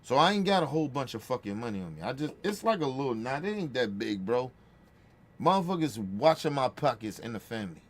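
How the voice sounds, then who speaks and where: A man's voice: medium pitch, very animated, fairly quick. A man telling a casual, profane family story, checking in with the listener by often asking "right?". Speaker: podcast host.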